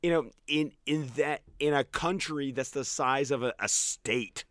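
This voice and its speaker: A man's voice: medium pitch, unhurried, no room sound, clean studio sound. An American man, an English teacher, chatting casually about a film and quoting lines in mock voices. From United States. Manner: animated, quotes lines in mock voices, laughs often.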